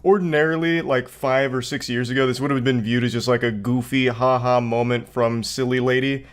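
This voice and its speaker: A man's voice: mid-range voice, steady tone, fairly quick. A man hosting comedic video commentary, riffing sarcastically and swearing freely. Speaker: commentary host.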